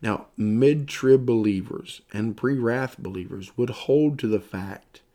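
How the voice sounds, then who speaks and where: Speaking slowly, with medium pitch and a dark tone, a Bible teacher delivers a sermon-style lesson while tired and yawning. He reads verses aloud, his emphasis rising, and explains them loosely with fillers.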